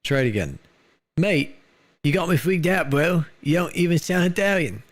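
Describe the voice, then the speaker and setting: A man's voice: fairly high pitch, expressive, moderate pace, dry recording. An American man chatting casually on a live stream, loose and rambling, full of "dude" and "like".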